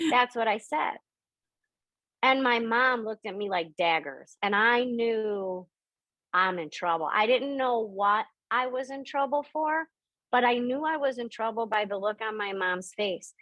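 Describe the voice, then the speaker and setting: A woman's voice: unhurried, a bit bright, dry recording, low-quality recording. A middle-aged woman on a video call, telling personal stories as she teaches about spirit and intuition, and acting out the voices of the people in them. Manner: storytelling, acts out quoted voices with big pitch jumps.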